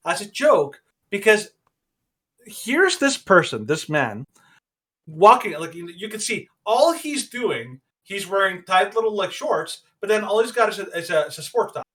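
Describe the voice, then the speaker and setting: A man with a high, bright voice hosts a podcast in casual commentary. He rambles through opinions and often restarts his sentences. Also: big pitch swings, a little slow. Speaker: podcast host.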